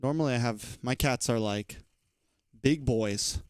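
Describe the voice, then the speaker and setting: A young man, an esports shoutcaster, chatting casually and slangily on a live stream and laughing easily. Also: mid-range voice, a little slow, smooth, no echo, clean studio sound.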